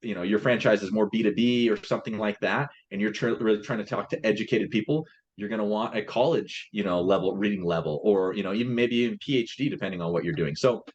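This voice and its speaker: A man's voice: lowish voice, fast talker, muffled recording, a little hiss or hum. A man in a casual business chat, explaining his translation company's process step by step and often restarting his phrases.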